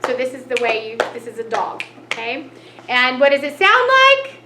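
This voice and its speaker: A woman's voice: sits high, sing-song, normal speed, sharp tone. A woman teaching a cheerful children's lesson, gasping with delight at each new picture. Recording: echoey room, faint noise.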